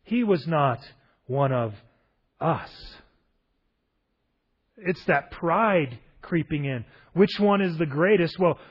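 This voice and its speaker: A man with a somewhat high, husky voice preaching in a relaxed, conversational way. He retells a gospel scene, stopping often for rhetorical questions. The sound is a little dull and lo-fi. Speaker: pastor. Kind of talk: sermon.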